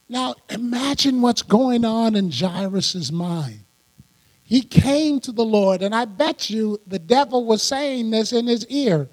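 A man preaching a sermon as pastor, animated and laughing often as he acts out quoted lines. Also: very high-pitched, slow. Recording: long hall reverb.

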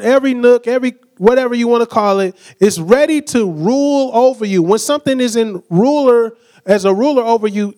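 A man preaching a sermon in a relaxed, conversational way, often asking his listeners questions and acting out quotes. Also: extremely high pitch.

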